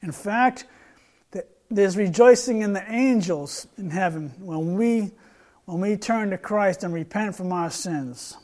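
Male street preacher, high voice, earnest, repeats himself while reading scripture. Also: a little slow, a little mellow. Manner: earnest, repeats words and restarts, reads scripture aloud. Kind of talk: sermon with retold street conversation.

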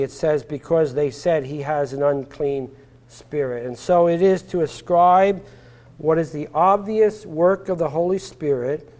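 A man's voice: high-pitched, darkish tone. A man preaching a sermon, explaining scripture verse by verse with rhetorical questions and frequent filler words.

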